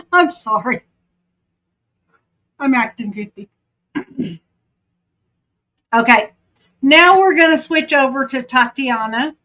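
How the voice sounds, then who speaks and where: Southern woman commentator, high voice, unhurried, dull lo-fi sound. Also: expressive, fairly bright tone. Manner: chatty, self-interrupting. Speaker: true crime commentator. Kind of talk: casual commentary.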